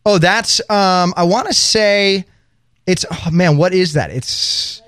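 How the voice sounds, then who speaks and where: A man's voice: sits high, takes it slowly, a bit bright, no room sound, studio quality. A young man co-hosting a casual podcast, trading teasing banter with his co-hosts. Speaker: podcast co-host. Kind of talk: casual chat.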